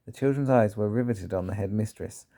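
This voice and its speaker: Man with a gravelly low voice reading aloud. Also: a little fast, dark tone. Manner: stumbles and corrects himself. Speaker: reader. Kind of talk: reading a children's book aloud.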